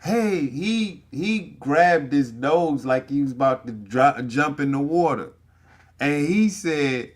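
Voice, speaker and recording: A man's voice: fairly high pitch, expressive, slow. A man giving casual reaction commentary, talking emphatically and profanely straight to his viewers. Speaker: commentary streamer.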